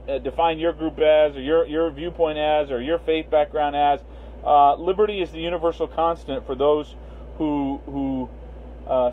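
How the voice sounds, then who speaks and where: A man hosting a casual livestream, rambling with many fillers and greeting viewers by name. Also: a little high. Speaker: livestream host. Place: Las Vegas. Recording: tinny phone-line sound, faint hiss.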